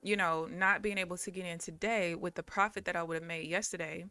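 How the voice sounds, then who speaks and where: A woman's voice: on the low side, steady tone, fairly quick, sharp tone, no echo. A woman live streaming her day trading, talking casually to viewers and swearing bluntly in frustration.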